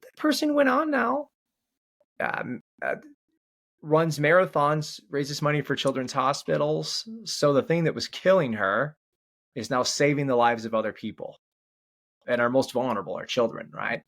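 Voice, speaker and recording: A man's voice: medium pitch, very animated, normal speed, vocal fry, a bit bright. A man, a podcast guest, telling long stories in casual interview talk, rambling and restarting, often checking in with "right?". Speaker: podcast guest, change coach.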